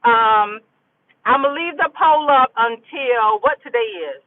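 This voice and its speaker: A woman's voice: sits high, unhurried, dry recording. A middle-aged woman chatting casually to her viewers outdoors, repeating herself as she talks things over. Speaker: YouTuber. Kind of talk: casual vlog chat. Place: outdoors in sunlight. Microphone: phone camera. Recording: thin phone-like sound, dry.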